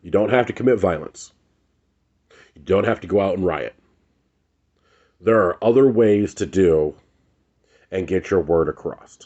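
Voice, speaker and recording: In a muffled recording, a vlogger with a low, slightly mellow voice rants to camera in no hurry, leaving long pauses. He stays angry and blunt, swearing and repeating lines for emphasis.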